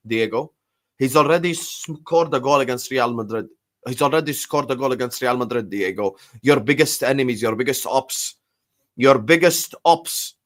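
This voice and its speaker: Loud, ranting young man. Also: mid-range voice, no room sound, studio quality. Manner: exaggerated, repetitive, mock-pleading, loud outbursts. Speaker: football channel host. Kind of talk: animated solo football rant to a live chat.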